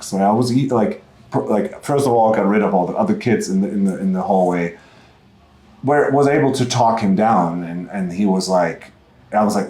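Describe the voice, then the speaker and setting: German-accented man, lowish voice, candid and animated, lots of fillers. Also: normal speed, echoey room, rough recording. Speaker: podcast guest, musician. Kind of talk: casual conversation. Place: in person at a music festival.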